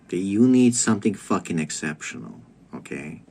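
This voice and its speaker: A man's voice: low voice, animated, moderate pace, dark tone, breathy edge. A man delivering a comedic rant to camera, crude and profane, lecturing with stammered restarts. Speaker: comedic vlogger.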